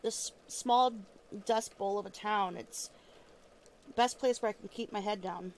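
A woman's voice: mid-range voice, unhurried, a little hiss or hum, lightly acted. A woman acting as a weary, foul-mouthed female ex-killer trying to live in peace, talking casually with lots of fillers and restarts, sometimes with her mouth full, in an audio role-play drama. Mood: bitter. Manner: chewing food while talking.

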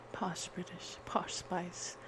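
A woman's voice: fairly low pitch, completely flat delivery, very slow, in a whisper, low-quality recording. A woman with a Minnesota accent, chatting casually in a vlog and laughing often at herself. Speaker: vlogger.

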